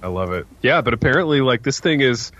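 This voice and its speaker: A man's voice: mid-range voice, lively intonation, fast, a bit bright, dry recording. A laid-back man hosting a chat podcast, dropping "dude" often. His voice is dry and close, with slightly dull, muffled audio. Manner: laid-back, says "dude" a lot, laughs easily. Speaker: podcast co-host. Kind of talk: casual chat.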